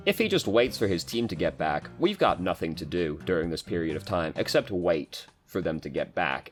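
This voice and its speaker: Deep-voiced man with casual commentary. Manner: relaxed, swears casually, frequent fillers. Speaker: game coach reviewing gameplay. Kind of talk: casual commentary over gameplay.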